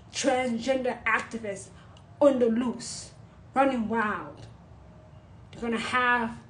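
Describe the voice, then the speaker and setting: A woman's voice: on the high side, poor audio. Give me a blunt woman vlogger who repeats herself for emphasis, with faint noise behind. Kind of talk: unscripted monologue rant.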